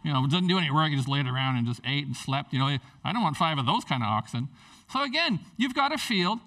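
Man preaching, animated, joking, fairly high voice, a bit off-mic. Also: fast talker, recorded from a distance. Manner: animated, jokey, acts out characters in quotes. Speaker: pastor. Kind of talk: sermon.

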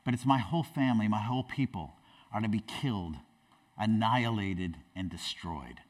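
A pastor voicing a brave young queen who speaks in a soft, hushed, earnest way. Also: fairly low pitch, normal speed, far from the mic, voice pushed down, lightly acted. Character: brave young queen, woman, pleading calmly.

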